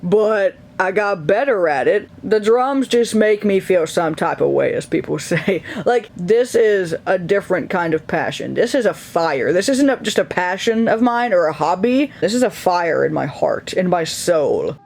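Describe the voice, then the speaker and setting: A young man with a high speaking voice talks casually to his viewers from his bed. He rambles openly and laughs often between thoughts. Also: expressive, a little slow, creaky, few pauses. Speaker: video creator. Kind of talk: casual vlog chat. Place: his bedroom, lying in bed.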